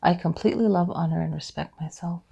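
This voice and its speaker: A woman leading a guided tapping class, explaining gently and then repeating soft affirmations for listeners to follow. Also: lowish voice, quick pace, vocal fry, husky. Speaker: EFT tapping instructor.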